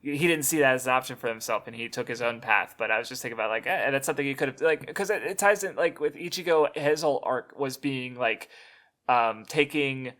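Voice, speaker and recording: A male guest in a casual discussion, talking haltingly with many fillers and restarts. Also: medium pitch, a bit bright.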